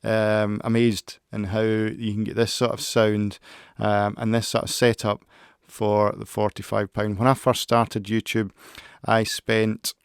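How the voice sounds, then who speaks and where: Smooth low-voiced man rambling. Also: monotone, measured pace, dry recording, clean studio sound. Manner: rambling, hesitant, with many restarts. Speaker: tech reviewer. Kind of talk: casual product review. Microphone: close-up studio microphone.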